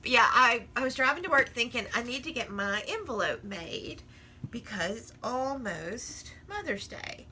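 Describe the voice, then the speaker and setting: Woman crafting at home and just chatting away, bright voice, laughs a lot, little bit of noise in the back. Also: on the high side, very animated, normal speed. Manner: chatty, rambling, laughs often, talks while working. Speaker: crafting vlogger. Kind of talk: casual crafting chat.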